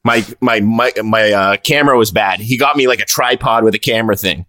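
A man's voice: fairly low pitch, a little fast. A man co-hosting a podcast in casual chat, rambling and swearing as he tells stories. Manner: rambling, profane, animated storyteller. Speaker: podcast co-host.

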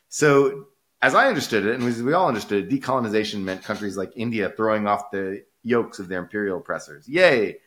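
A man co-hosting a casual podcast discussion, arguing animatedly and often checking in with "right?". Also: lowish voice. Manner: animated, rhetorical, keeps asking "right?". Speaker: podcast co-host.

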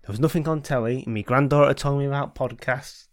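A man's voice: mid-range voice, fast talker, no room sound, clean studio sound, natural voice. A man voicing a chatty woman in her nineties with a Yorkshire accent, reading out her letter in a homely, rambling way. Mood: gossipy.

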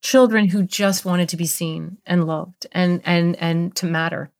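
A woman's voice: on the low side, fairly even intonation, measured pace. A woman in her fifties, a guest expert on a podcast, telling a story from her career in an earnest, heartfelt way. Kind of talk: interview storytelling.

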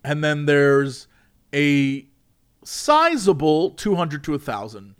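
Man, high voice, very lively pitch, casual streamer chat, acts out other people. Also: slow pace, clear, resonant tone.

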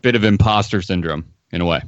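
A man interviewing a guest, asking short, measured questions. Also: low voice, no room sound, dull audio.

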